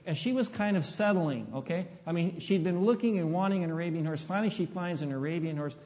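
A man's voice: sits high, quick pace, a little mellow. A middle-aged man, a pastor, telling a story in a folksy, conversational way and asking the congregation questions. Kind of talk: storytelling sermon. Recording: dull, long hall reverb.

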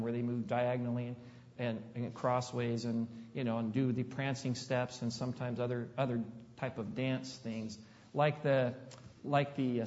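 A man's voice: medium pitch, darkish tone. A middle-aged man, a pastor, telling a story in a folksy, conversational way and asking the congregation questions. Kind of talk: storytelling sermon. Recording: dull, long hall reverb.

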